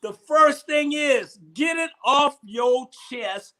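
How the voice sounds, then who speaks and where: High, bright-voiced man hosting. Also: slow pace. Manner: rambling, repeats himself, Southern Black vernacular. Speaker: host. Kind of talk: casual comedic chat.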